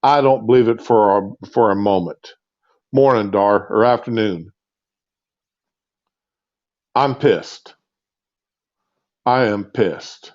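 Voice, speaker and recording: A lowish-voiced man rants off the cuff, rambling, halting and filled with "uh"s. He talks into a phone earbud mic, so the sound is dull and lo-fi. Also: a little mellow. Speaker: livestream host. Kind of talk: impromptu rant. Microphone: earbud with built-in mic on a phone.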